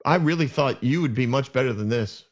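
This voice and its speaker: A man's voice: medium pitch, brisk, highs cut off, lightly acted. A man voicing an arrogant, self-pitying young prince who blames everyone else, talking in a petulant, rambling way.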